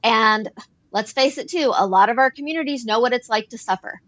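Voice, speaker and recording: A woman's voice: on the high side, a little fast, fairly bright tone. A woman co-hosting an advocacy talk show, explaining policy earnestly and repeating phrases as she works through points. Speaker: podcast co-host. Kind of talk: advocacy discussion.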